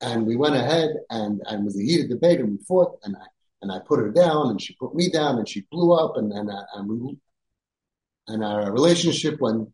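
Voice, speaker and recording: A man hosting a parenting podcast, speaking emphatically and sprinkling in Yiddish and Hebrew words, rising to near-shouting when he scolds. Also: medium pitch, roomy sound, rough recording. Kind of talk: podcast talk giving advice.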